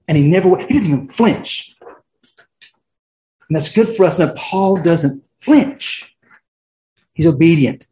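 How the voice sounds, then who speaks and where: A middle-aged pastor preaches in a loose, conversational way, circling back through fillers and restarts. His voice sits a little high for a man. The church echo rings around him. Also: expressive, a little slow, long pauses, mellow. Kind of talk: sermon. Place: church sanctuary.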